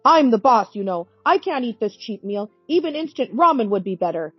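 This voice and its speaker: Woman voicing a domineering, scornful middle-aged husband; irritable sneer, somewhat husky, dry dull recording. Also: fairly high pitch, big pitch swings, normal speed, no echo, faint music behind.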